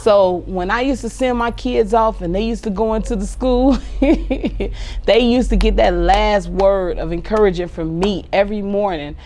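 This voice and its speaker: A woman in her forties hosting a podcast, talking casually about raising kids with a sarcastic, animated way of telling stories. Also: medium pitch, moderate pace, slight background noise. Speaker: podcast host.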